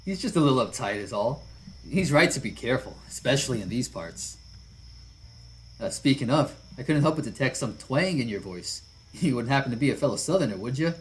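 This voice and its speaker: A man's voice: mid-range voice, animated, brisk, slight background noise, voice pushed up, natural voice, rough recording. A man voicing a big, friendly male otter biker with a folksy Southern drawl and an easygoing way of talking.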